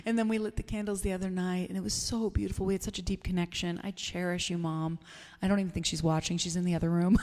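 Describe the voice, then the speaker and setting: A woman minister giving a gentle, meditative sermon, soft and unhurried, sometimes sinking toward a whisper. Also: on the low side, fairly even intonation. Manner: soft, slow, gentle, drifting into near whispers. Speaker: spiritual minister. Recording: long hall reverb, faint music.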